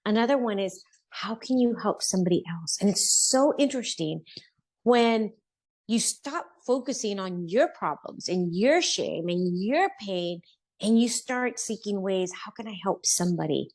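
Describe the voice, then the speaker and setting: A middle-aged woman speaks as a podcast guest, recounting her own hard times with earnest feeling. Her voice sits at an ordinary middle pitch. She slips into quoted lines from people as she tells it. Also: expressive, a little slow, darkish tone. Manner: earnest, heartfelt, acts out quoted speech. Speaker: podcast guest, business owner. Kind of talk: personal storytelling interview.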